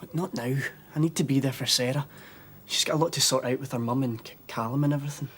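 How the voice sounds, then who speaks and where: A man's voice: mid-range voice, fast, a bit bright, a little hiss or hum, natural voice. A man playing a curt young Scottish husband. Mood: defensive. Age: young adult. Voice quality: curt, defensive. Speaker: son. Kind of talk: TV soap drama.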